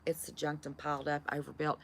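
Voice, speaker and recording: A woman's voice: deep voice, completely flat delivery, quick pace, gravelly, fairly bright tone, slight background noise. A woman hosting a casual live chat and greeting viewers by name in a chatty, folksy way, recorded on a phone on a stand. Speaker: livestream host greeting viewers.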